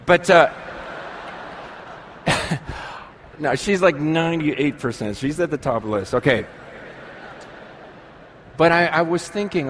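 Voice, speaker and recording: A man in his forties preaching a sermon to a live congregation, animated and quick to act out the people he quotes, swinging between urgent and hushed. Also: medium pitch, slight background noise. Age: 40s. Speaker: pastor.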